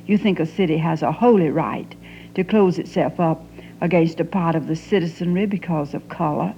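A woman's voice: deep voice, normal speed, dark tone. A woman playing a grown Southern daughter confronting her father, in an impassioned dramatic monologue that often sinks to a whisper. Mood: accusing. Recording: slightly muffled 1970 broadcast with faint hum.

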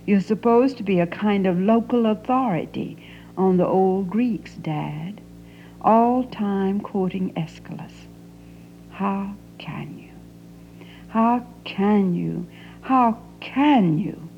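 A woman as an anguished Southern daughter, slow and hushed. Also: mid-range voice. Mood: accusing. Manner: impassioned, often hushed and whispered. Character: grown Southern daughter confronting her father. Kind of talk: dramatic monologue reading. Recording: slightly muffled 1970 broadcast with faint hum.

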